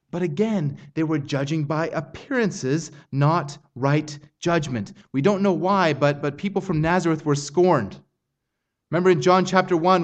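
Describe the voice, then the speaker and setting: Guy preaching a sermon, earnest, voice sits a bit high. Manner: earnest expository preaching, rising intensity on quoted lines. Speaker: pastor.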